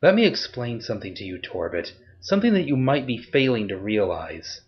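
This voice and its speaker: A ruthless young woman interrogates quietly, her voice low, soft and steady with menace, as a male narrator puts her on. The audio is slightly dull and muffled. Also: a little fast, a little hiss or hum, close to an everyday voice. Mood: menacing.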